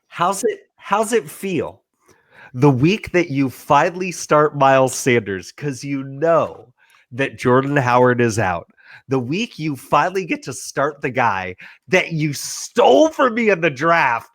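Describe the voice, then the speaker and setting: A man's voice: medium pitch, sing-song, slow pace, no room sound, clean studio sound. A man hosting a casual podcast, trash-talking his friends with profane, mock-outraged rants. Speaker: podcast host. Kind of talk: casual chat.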